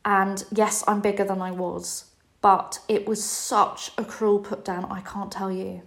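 A woman's voice: medium pitch, level tone, measured pace, vocal fry. A woman in her forties, host of a podcast, telling a personal story in a candid, emotional, confessional way. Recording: roomy echo.

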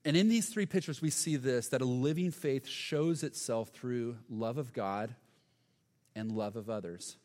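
A man's voice: mid-range voice, measured pace, darkish tone. A man preaching a sermon as pastor, earnest and emphatic, sometimes stumbling over his words. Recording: long hall reverb.

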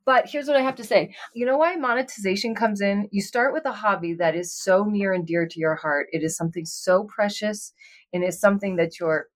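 Woman co-host, casual chat, musing and sincere, even middle pitch. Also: fairly quick. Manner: rambling, heartfelt, chatty. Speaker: podcast co-host.

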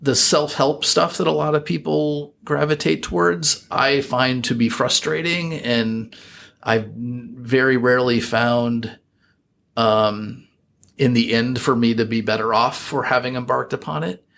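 Middle-aged american guy musing out loud in an interview, lots of um and you know. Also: medium pitch, fairly even intonation, a little slow, gravelly. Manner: reflective, rambling with frequent fillers and restarts. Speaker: guest. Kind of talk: casual interview chat.

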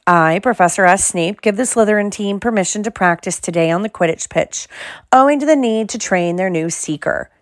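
A woman's voice: mid-range voice, brisk, no echo, studio quality, close to an everyday voice. A woman voicing a boastful, nasty older schoolboy who leads a sports team, in an audiobook reading.

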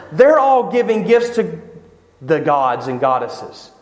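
A man with a Southern American accent preaching a sermon as pastor, animated and emphatic, with rhetorical questions and repetition. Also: fairly high pitch. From Southern United States. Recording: long hall reverb.

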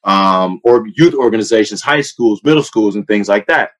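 A man, telling a personal faith story in casual conversation, acting out quotes with a rising voice. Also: moderate pace. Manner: animated storytelling, acts out quotes with rising pitch. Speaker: youth football coach and sports training founder. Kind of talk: casual testimony in a podcast chat.

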